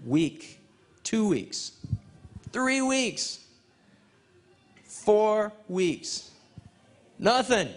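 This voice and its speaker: Lively, slow-paced male preacher. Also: high voice. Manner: animated storytelling, acting out dialogue with laughter. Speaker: guest speaker at a men's fellowship. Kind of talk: testimony sermon.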